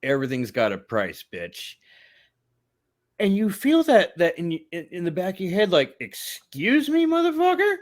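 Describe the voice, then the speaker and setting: A man's voice: very animated, normal speed. A man co-hosting a movie review show, rambling casually with swearing and frequent laughter. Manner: rambling, laughs often, swings pitch widely. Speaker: movie review podcast co-host.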